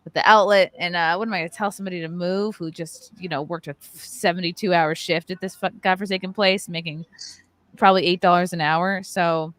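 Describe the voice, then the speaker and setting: A woman's voice: fairly low pitch, fairly even intonation, a little fast, dry recording. A woman hosting a podcast, telling a story in casual chat with plenty of swearing and mocking put-on voices. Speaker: podcast host.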